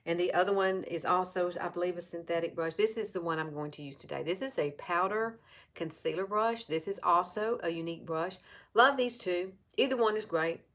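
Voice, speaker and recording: Talking fairly quickly in a fairly low, slightly bright voice, a fifty-something makeup seller and vlogger with an Alabama Southern accent runs a chatty, casual tutorial. She often repeats herself and speaks directly to her viewers.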